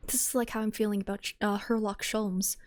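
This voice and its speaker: A woman streaming a game, reacting with excitable, exclamatory commentary. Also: medium pitch, a little fast.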